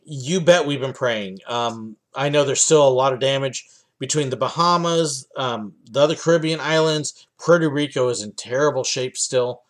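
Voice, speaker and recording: A man's voice: medium pitch, normal speed. A young man from the United States hosting a livestream Q&A from his home office, chatting casually with lots of ums and uhs. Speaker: livestream host answering viewer questions.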